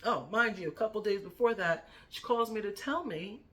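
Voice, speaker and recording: A woman's voice: medium pitch, normal speed. A middle-aged woman speaking a heartfelt, emotional tribute to a family member in her vlog, fighting back tears. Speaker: vlogger.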